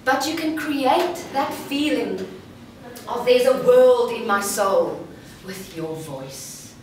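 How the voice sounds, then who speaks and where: Slightly high, animated and a touch mellow, this woman's voice carries a slow, deliberate, demonstrative delivery as she coaches at a live workshop. A speaker and voice coach, she addresses an audience in a large room, captured from a distance in an echoey hall full of room noise.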